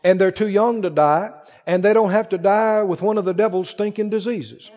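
Fervent high-voiced male preacher in a hall. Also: normal speed, a little mellow, lo-fi sound. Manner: fervent preaching, reading scripture aloud with rising emphasis. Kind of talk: sermon. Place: church with congregation.

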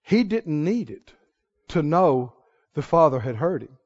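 A man preaching a sermon dramatically, asking the congregation questions and swinging between loud exclaims and hushed lines. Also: on the high side, sing-song, unhurried. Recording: dull lo-fi sound.

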